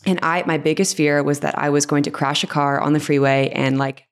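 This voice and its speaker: A woman with a notably low voice talks as a podcast guest. Her chat rambles, full of restarts and self-deprecating asides. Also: steady tone, a little fast. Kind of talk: casual interview chat.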